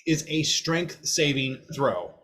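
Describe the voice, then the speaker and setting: A man's voice: medium pitch, sing-song, slow pace, pushed and bright. A man narrating a tabletop game as game master, vivid and playful, laughing often.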